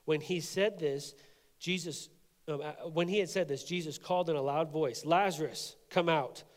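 A man's voice: fairly high pitch, steady tone, normal speed, big-room sound. A man preaching a sermon, reading scripture aloud and commenting on it in a casual, conversational way. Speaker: pastor.

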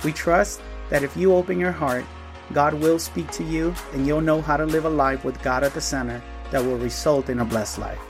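A man who is a pastor, giving a calm, welcoming podcast introduction. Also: fairly high pitch, normal speed. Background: faint music.

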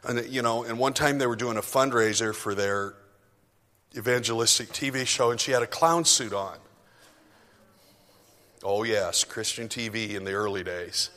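A man's voice: medium pitch, moderate pace, long pauses, pushed and bright. A male pastor giving a chatty, self-deprecating sermon full of asides, speaking to his congregation in a church sanctuary. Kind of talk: conversational sermon. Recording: long reverb of a hall.

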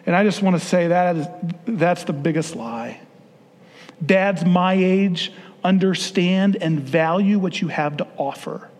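Speaking to fathers in a sermon-like way, this man is earnest and conversational but restarts frequently. His voice sits on the high side with a darkish tone, and a long hall reverb fills the recording.

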